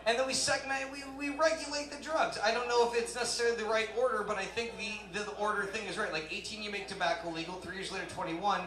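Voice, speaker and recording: A man's voice: high-pitched, fairly even intonation, quick pace, few pauses, sharp tone. A man doing a rambling, self-deprecating stand-up set on a live comedy club stage. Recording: roomy live club sound.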